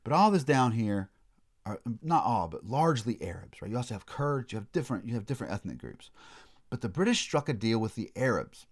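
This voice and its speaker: A man's voice: medium pitch, very animated, brisk. A man giving a recorded college history lecture, telling it as a story with casual asides and frequent restarts.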